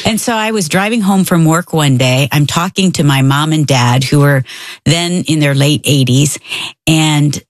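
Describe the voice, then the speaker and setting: A middle-aged woman telling a personal story in casual chat, animated and slipping into the voices of the people she quotes. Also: low voice, normal speed, no echo. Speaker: storyteller guest.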